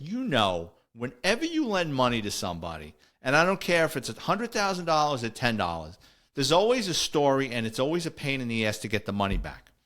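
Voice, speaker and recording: A middle-aged man, hosting a podcast and telling stories in a casual, wisecracking way, acting out the voices of the people in them. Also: mid-range voice. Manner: animated, wisecracking, acts out quoted voices. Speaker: podcast host. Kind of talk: casual storytelling.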